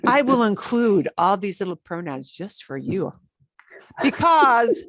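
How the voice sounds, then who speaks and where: A woman teaching a beginner Spanish class, chatty and encouraging, slowing down to drill words. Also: mid-range voice, sing-song, a bit bright, dry recording, clean studio sound.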